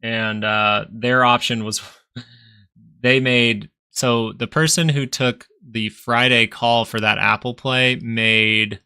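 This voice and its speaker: A man's voice: mid-range voice, level tone, slow, bright, forceful tone, clean tone. A man hosting a live stock market stream, chatting casually and rambling between chart talk and answers to viewers. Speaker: stock market livestream host.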